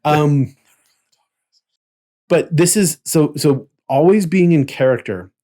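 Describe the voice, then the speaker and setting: A man's voice: on the high side, takes it slowly, mellow. Talkative man explaining, tagging lines with "right?". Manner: explains at length, tags statements with "right?". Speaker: podcast co-host. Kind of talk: casual chat about tabletop role-playing.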